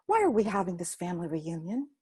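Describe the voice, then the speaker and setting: A woman's voice: lowish voice, big pitch swings, fast, mellow, husky, low-quality recording. A woman storyteller voicing an eager, curious young girl who asks pleading questions.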